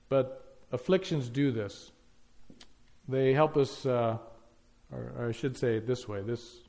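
A man's voice: mid-range voice, gravelly, darkish tone. A man preaching a sermon, emphatic, piling up lists and rhetorical questions.

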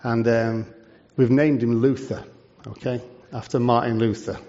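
A man's voice: medium pitch, flat delivery, unhurried, warm tone. A man, a charity leader giving a preaching talk to a church, conversational and full of rhetorical questions. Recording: dull lo-fi sound.

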